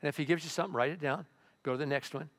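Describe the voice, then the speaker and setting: An older man preaching a sermon as pastor, in a conversational way with sudden loud, excited bursts. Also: a little high, very fast.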